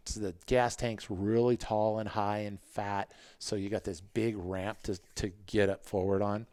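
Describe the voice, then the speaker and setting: A man in his fifties, a podcast guest, telling racing stories in a casual, animated way and acting out what people said. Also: measured pace, no echo. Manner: animated, acts out quotes in a higher voice. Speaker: podcast guest, former motocross racer. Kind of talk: casual interview storytelling.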